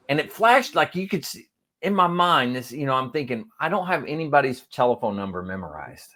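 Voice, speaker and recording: A man telling a long funny story in casual chat as a podcast co-host, acting out quotes with sudden jumps in voice. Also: brisk. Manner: animated, acts out quotes with big pitch jumps.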